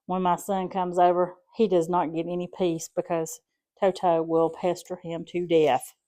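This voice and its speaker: A woman's voice: lowish voice, level tone, measured pace, dark tone. Chatty woman with a South Alabama drawl. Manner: folksy, chatty, rambling asides. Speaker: home cooking channel host. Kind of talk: casual home cooking demonstration.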